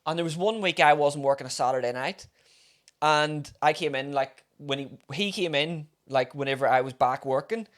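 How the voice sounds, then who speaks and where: A young Northern Irish man co-hosting a podcast, telling stories in a sweary, animated chat. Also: on the high side, moderate pace. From Northern Ireland. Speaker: podcast co-host. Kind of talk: casual chat.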